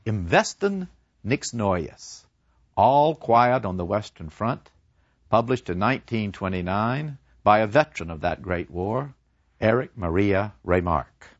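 A man giving an animated lecture, retelling a novel and acting out the characters' dialogue with dramatic flair. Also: fairly low pitch, no room sound. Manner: dramatic storyteller who acts out the characters' dialogue. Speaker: literature lecturer. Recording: dull, dry lo-fi recording.

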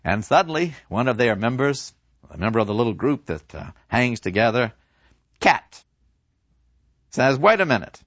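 A man giving an animated lecture, retelling a novel and acting out the characters' dialogue with dramatic flair. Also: medium pitch, moderate pace, long pauses, no room sound. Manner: dramatic storyteller who acts out the characters' dialogue. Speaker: literature lecturer. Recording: dull, dry lo-fi recording.

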